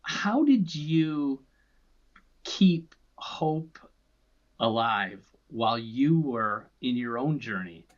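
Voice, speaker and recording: A man co-hosting a faith podcast, asking reflective questions in a measured way with hesitant starts. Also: mid-range voice, sing-song, dull audio. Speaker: podcast co-host. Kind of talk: conversational interview.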